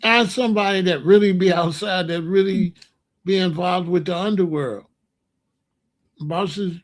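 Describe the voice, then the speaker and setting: A man's voice: high voice, steady tone, a little slow. A man telling a street story in a repetitive, emphatic monologue. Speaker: podcast host.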